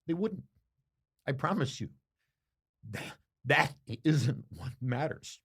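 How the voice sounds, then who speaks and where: An older man, a boxing commentator, answering interview questions with slow, reflective storytelling and emphatic pauses. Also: on the high side, big pitch swings, gravelly, fairly bright tone, slightly rough.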